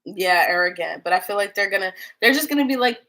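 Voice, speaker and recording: A woman's voice: medium pitch, expressive, fast, pushed and bright. Young female tarot reader, casual livestream delivery, rambling and filler-heavy. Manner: chatty, rambling, full of "like" fillers.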